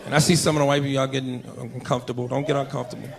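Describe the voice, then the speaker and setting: A man doing loud, brash, profane stand-up storytelling. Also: mid-range voice, level tone, very fast, creaky, crowd noise, background noise. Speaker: stand-up comedian. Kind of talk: stand-up comedy set.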